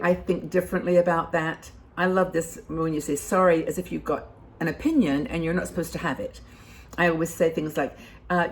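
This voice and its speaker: Older woman host, low pitch, gravelly fry, rambling advice talk full of fillers. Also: steady tone, brisk, slight background noise. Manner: rambling, many fillers and restarts. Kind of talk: casual advice talk to camera.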